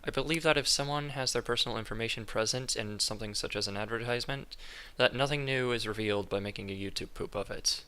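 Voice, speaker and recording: A young man reading a scripted class presentation in a flat, monotone way. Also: mid-range voice, quick pace, hardly any pauses, smooth. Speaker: student presenter. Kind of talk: scripted narration.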